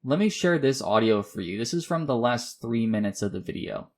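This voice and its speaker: A man hosting a commentary video, reading his script somewhat haltingly in a measured, questioning tone. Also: mid-range voice, lively intonation. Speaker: YouTube commentary host.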